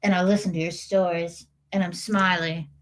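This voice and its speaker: A woman's voice: lowish voice, little pitch movement, normal speed, close to an everyday voice. Woman voicing a goofy bragging pet dog.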